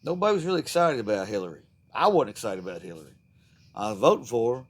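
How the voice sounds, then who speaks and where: A man's voice: medium pitch, very animated, quick pace. Guy ranting on his vlog, cussing a lot, all fired up and rambly. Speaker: vlogger. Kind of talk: political rant to camera.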